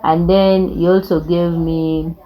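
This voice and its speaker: A woman's voice: on the low side, little pitch movement, slow, mellow, poor audio. A young woman, telling her life story in an earnest, reflective way. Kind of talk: personal storytelling.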